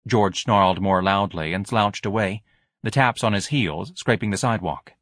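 A man reading a novel aloud as narrator, in a wry, expressive storytelling manner. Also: lowish voice, moderate pace, no room sound, clean studio sound. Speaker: audiobook narrator. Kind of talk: scripted narration.

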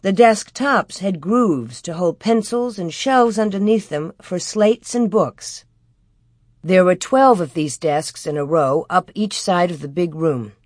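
A woman reading a children's story aloud as scripted narration, in a gentle storytelling manner, raising her pitch for the children's lines. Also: no room sound, clean studio sound. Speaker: audiobook reader.

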